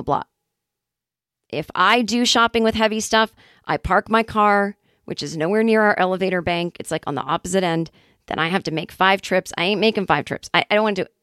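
A woman in her forties hosting a comedy podcast, telling a casual monologue in a chatty, wry way with quick acted-out asides. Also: medium pitch, fairly bright tone, smooth, no room sound, studio quality. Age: 40s. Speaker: podcast host.

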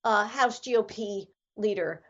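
A woman from upstate New York, a former congresswoman, speaking as a guest in a political interview in a measured, praising way with filler pauses. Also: medium pitch, muffled recording.

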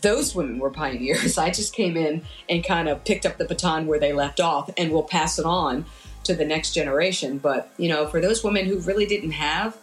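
A woman's voice: sits low, normal speed, soft background music. A woman sports journalist speaking earnestly and admiringly in an interview.

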